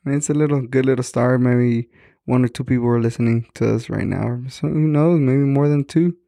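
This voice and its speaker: A man's voice: medium pitch, brisk, creaky, dark tone, no room sound, studio quality. A young man chatting with friends on a podcast in a laid-back way, swearing freely. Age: young adult. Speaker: podcast co-host. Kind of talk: casual chat among friends.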